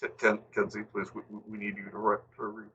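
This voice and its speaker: A man's voice: fairly low pitch, completely flat delivery, fast, sharp tone, dull audio, a little hiss or hum. A man hosting a livestream, reading a fanfic aloud, exasperated and swearing as he goes. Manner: exasperated, swearing, breaking into laughter. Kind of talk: live comedic dramatic reading.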